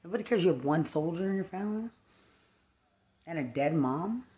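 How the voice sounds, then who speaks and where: A woman in an angry, profane rant, hurling insults over and over and swinging between shouting and low muttering. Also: expressive, fairly quick.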